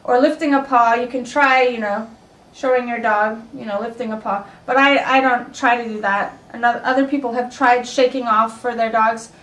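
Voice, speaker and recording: A woman's voice: on the high side, steady tone, normal speed, fairly bright tone. A woman dog trainer casually explaining and demonstrating yawns and sighs in a video lesson. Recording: echoey room, mic at a distance.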